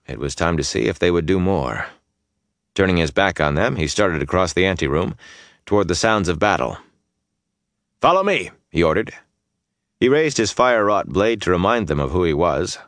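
A man reading fantasy fiction aloud in a measured, even audiobook narration on a close studio mic. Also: low voice, dry recording.

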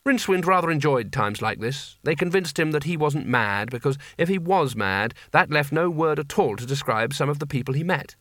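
A man narrating a comic fantasy novel aloud with wry, expressive storytelling. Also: fairly high pitch, moderate pace, hardly any pauses, no room sound, studio quality. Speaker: audiobook narrator.

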